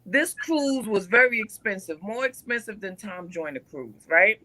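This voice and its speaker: A woman performer on a panel, telling animated anecdotes in casual chat. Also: medium pitch, moderate pace, dry recording, low-quality recording.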